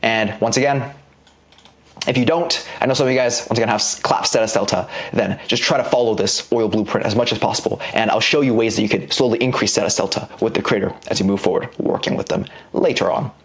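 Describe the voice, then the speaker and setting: A man's voice: fairly low pitch, quick pace. A man teaching an online business course in a casual, slangy lecture style, explaining ideas by drawing examples on a board.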